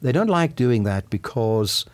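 A man's voice: expressive, unhurried, no echo. A man speaking as a psychologist guest in an interview, explaining earnestly with his voice rising and falling widely. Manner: earnest, explanatory, voice swooping high and low. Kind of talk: radio interview.

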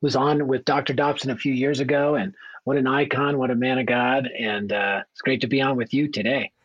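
A man from Denver, a guest evangelist and author, telling his life story in a radio interview with blunt, animated energy. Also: medium pitch, brisk, no echo, dull audio. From Denver, United States.

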